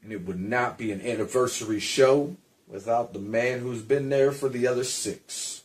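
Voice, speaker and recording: A man's voice: mid-range voice, normal speed. A man cutting a self-important wrestling promo, stretching out his words. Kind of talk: slow, boastful wrestling promo.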